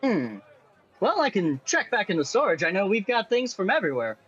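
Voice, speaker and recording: A man narrating as game master for a tabletop game, in an animated, playful way. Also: high-pitched, brisk, breathy edge, highs cut off, a faint crowd.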